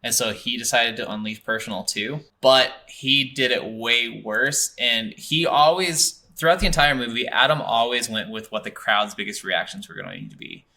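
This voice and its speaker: A man co-hosts a relaxed movie review chat in a bright, forceful voice. He retells scenes with lively energy and breaks into quick laughs. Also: medium pitch. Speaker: movie review podcast co-host.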